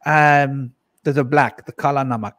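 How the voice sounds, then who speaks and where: A man's voice: medium pitch, fairly even intonation, normal speed, a bit bright, dry recording. A middle-aged man on a live panel, telling a rambling personal story, laughing often and acting out what people said. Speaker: panel guest.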